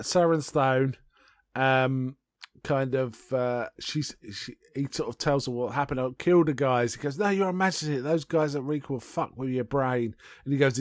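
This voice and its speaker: A man's voice: medium pitch, normal speed, dry recording, studio quality. A man co-hosting a podcast, casually recapping a film with lots of ums and acted-out quotes. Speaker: podcast co-host.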